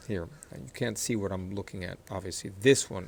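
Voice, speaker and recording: Patient man teaching reading, low voice. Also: gravelly, a little mellow. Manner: patient, repeats words slowly for practice. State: clears throat often after recent illness. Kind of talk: explanatory lesson, screen-sharing.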